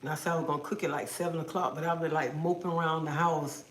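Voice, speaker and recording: A talkative woman hosts a relaxed livestream from her home, teasing and scolding her viewers with sass. Her voice carries a noticeable roomy echo, as if she is talking into a phone in an open room. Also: sits low, fast talker, a little hiss or hum. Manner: sassy, chatty, scolding viewers playfully. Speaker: livestream host. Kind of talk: casual livestream chat with viewers.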